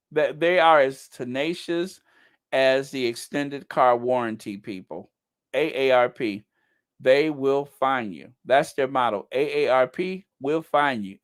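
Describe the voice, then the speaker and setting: A middle-aged man chatting slowly and easily with his viewers, his voice rising and falling freely as he jokes about himself. He slips into playful mock outrage, then settles back into a relaxed conversational tone. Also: medium pitch. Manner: joking, self-mocking, mock-indignant outbursts. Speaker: channel host. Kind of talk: casual livestream chat reading comments.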